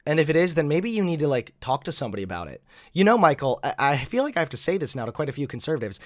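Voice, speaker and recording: A man's voice: fairly high pitch, sing-song, very fast, no room sound, clean studio sound. A man giving sarcastic, exasperated commentary while reacting to clips.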